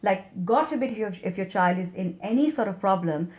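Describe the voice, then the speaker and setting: A woman's voice: medium pitch, expressive, a little fast, darkish tone, roomy sound. A woman co-hosting a casual chat, giving earnest advice and adding short affirmations. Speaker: podcast co-host.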